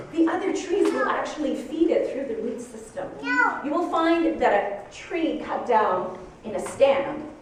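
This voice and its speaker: Woman, spiritual talk, high voice, expressive storytelling, roomy distant sound, faint hiss. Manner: animated storytelling, acting out her own shocked outbursts. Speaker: speaker giving a Sunday talk. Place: church hall with audience. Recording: echoey hall from far off.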